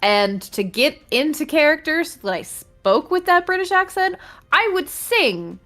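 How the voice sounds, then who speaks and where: A woman's voice: sits high, very animated, measured pace, pushed and bright, soft background music. A woman talking casually on a live stream about how she got into character for a tabletop game, in an easygoing manner.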